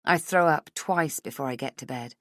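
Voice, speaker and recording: A woman's voice: sits low, moderate pace, no room sound, studio quality. A woman narrating a first-person thriller audiobook in an intimate, inward way.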